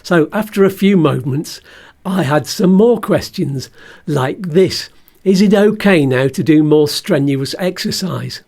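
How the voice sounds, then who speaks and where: A man's voice: sits high, lively intonation, measured pace, darkish tone. A man talking in a casual personal vlog, chatty and jokey as he shares health news with his viewers. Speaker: vlogger and musician.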